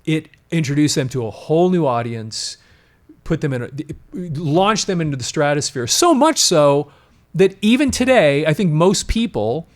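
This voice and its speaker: A man's voice: on the high side, big pitch swings, normal speed. A man hosting a casual talk show, explaining at length with frequent restarts and emphatic asides. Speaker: podcast host. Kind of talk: casual conversational commentary.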